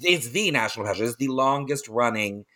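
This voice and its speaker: A man's voice: mid-range voice, expressive, a little fast, bright, forceful tone. A man hosting a podcast, chatty and gushing, rambling into side stories and laughing often. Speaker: podcast host. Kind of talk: casual interview chat.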